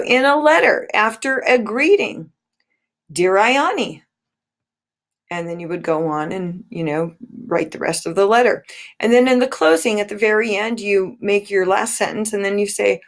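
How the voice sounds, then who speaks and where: A woman teacher giving a recorded grammar lesson, speaking deliberately and stressing each pause. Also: medium pitch.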